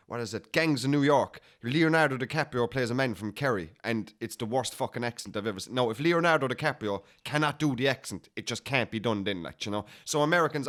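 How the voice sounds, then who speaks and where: A man's voice: medium pitch, a bit bright. A young man with a Cork Irish accent chatting casually and swearing freely as he reacts to comments. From Ireland. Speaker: comedian being interviewed.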